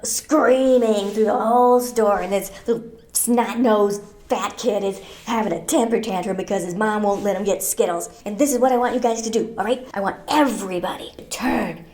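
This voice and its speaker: A woman's voice: mid-range voice, normal speed, a little mellow, natural voice. A woman voicing a brash, chatty female cat who hosts a comedic advice show. She talks bluntly and doubles up on words when she starts a sentence. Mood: rallying. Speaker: advice columnist host. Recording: roomy echo.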